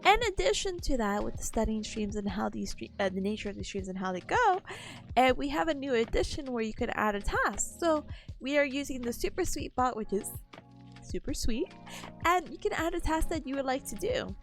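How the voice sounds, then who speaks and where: Giggly young woman streamer, high voice that bounces all over, bit sniffly, soft music behind. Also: sing-song, brisk. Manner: playful, giggly, bubbly. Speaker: VTuber streamer. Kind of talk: casual chat with stream chat.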